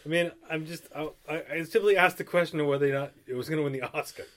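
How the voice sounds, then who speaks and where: A man's voice: on the high side, fast, a bit bright. A man co-hosting a casual podcast chat, mild and hedging, laughing off his partner's rants. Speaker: co-host.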